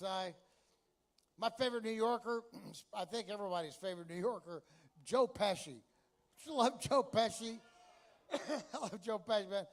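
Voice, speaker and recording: A man's voice: sits high, normal speed. A man from Texas doing a stand-up comedy routine, brash and chatty, with crude punchlines.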